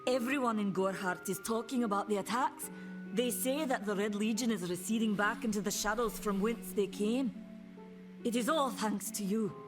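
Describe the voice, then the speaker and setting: A woman's voice: mid-range voice, lightly acted. An actress voicing a grateful village woman who keeps a shop in a fantasy game, speaking formally. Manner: formal, measured. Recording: game audio with music behind.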